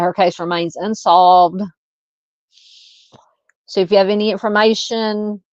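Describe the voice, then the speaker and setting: A chatty Southern woman with a smooth, mid-range voice hosts a true crime livestream on a dull, lo-fi, dry home mic with no room sound. Relaxed and talkative, she reads viewer comments in casual chat, with frequent ums and uhs.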